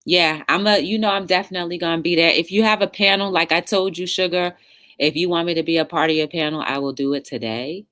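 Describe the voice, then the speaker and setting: A woman's voice: lowish voice, fairly even intonation, fast, a bit bright. A woman hosting a casual livestream talk show, chatting with viewers in the live chat and encouraging them.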